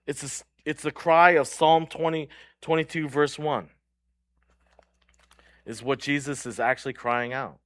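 A man preaching a sermon in an earnest way, moving between loud stressed words and hushed low lines, and often asking his listeners "right?". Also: steady tone, a little slow, long pauses, no echo. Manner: checks in with the crowd by asking "right?". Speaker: pastor.

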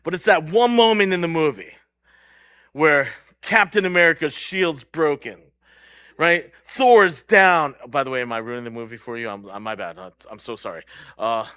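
A man preaching a sermon in an earnest way, moving between loud stressed words and hushed low lines, and often asking his listeners "right?". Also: moderate pace, smooth, no room sound, studio quality. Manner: checks in with the crowd by asking "right?". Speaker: pastor.

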